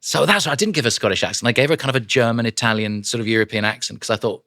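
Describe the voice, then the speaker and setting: A voice actor and audiobook narrator chatting in a studio, telling animated anecdotes, laughing often and dropping into character accents. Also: male voice, mid-range voice, rapid-fire, no echo. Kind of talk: casual studio chat.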